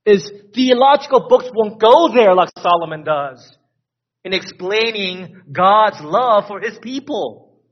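On a dull lo-fi recording, a male preacher gives a conversational sermon, repeating key phrases and checking in with the congregation. His high voice is animated, and he takes his time.

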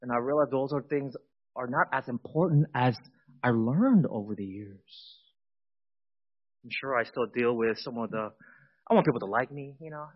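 A man in his forties giving a personal testimony in a sermon, swinging from loud emphatic bursts to quiet intimate asides. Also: mid-range voice, normal speed, pauses often, dull audio.

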